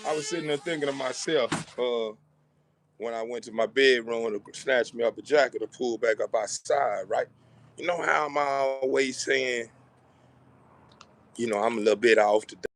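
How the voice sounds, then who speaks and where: A man's voice: mid-range voice, normal speed, a little hiss or hum. A man, giving a casual, rambling motivational talk to his audience and often asking if they follow him. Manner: rambling, repeats words and keeps asking "you know what I'm saying". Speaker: vlogger addressing his channel's audience.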